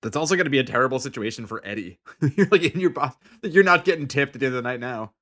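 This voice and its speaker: A man co-hosting a podcast, chatting casually and tossing in quick jokey asides. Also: mid-range voice, animated, a bit bright. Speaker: podcast co-host. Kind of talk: casual chat.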